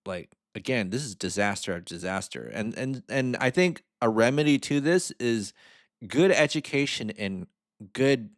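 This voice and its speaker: A man's voice: medium pitch, lively intonation, normal speed, no room sound, clean studio sound. A man hosting a reaction video, chatting frankly in a casual way and often checking in with "right?".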